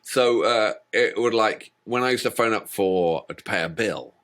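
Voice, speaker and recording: A man's voice: fairly low pitch, unhurried, fairly bright tone. A man co-hosting a music reaction channel, chatting casually and telling jokey stories with plenty of laughter. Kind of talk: casual chat.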